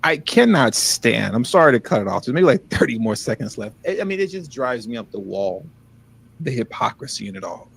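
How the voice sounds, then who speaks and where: A man's voice: mid-range voice, very animated, brisk, vocal fry, slightly rough. A man hosting a casual livestream commentary, talking in an emphatic, pleading, repetitive way. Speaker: livestream host.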